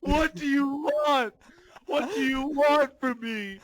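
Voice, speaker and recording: A man voicing a whiny teenage boy screaming a tearful rant in a shrill, crying shout. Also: slow pace. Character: whiny teen boy, shrieking and sobbing.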